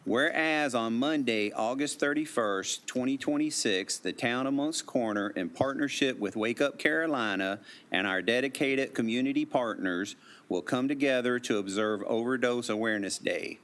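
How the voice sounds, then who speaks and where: A man presiding over a town council meeting, reading a formal proclamation in a measured way. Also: mid-range voice, fairly bright tone.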